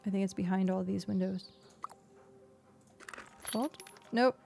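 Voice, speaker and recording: A woman's voice: medium pitch, steady tone, a little slow, gravelly, warm tone. A woman streamer chatting casually as she plays and explains a game, with lots of fillers, into a desk microphone. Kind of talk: casual gameplay commentary. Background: faint background music.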